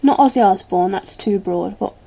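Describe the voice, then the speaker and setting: A woman's voice: mid-range voice, normal speed, vocal fry, warm tone, husky, dull audio. A woman with a British English accent chatting casually to camera as a vlogger, rambling a little with plenty of ums.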